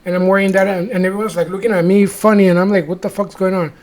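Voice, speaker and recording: A native Spanish-speaking man with a high voice tells a story on a podcast. He swears freely and talks in halting bursts, stopping to hunt for the English word. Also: steady tone, a little mellow. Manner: profane, halting, searching for English words. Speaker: podcast host. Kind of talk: casual storytelling chat.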